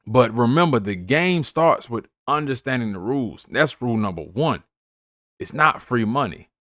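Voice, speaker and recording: A man's voice: medium pitch, animated, normal speed, a bit bright, dry recording, clean studio sound. Slangy, emphatic man giving money advice. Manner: slangy, repeats phrases, asks "you feel me"; emphatic, preachy. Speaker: finance channel host. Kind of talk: casual advice talk to camera.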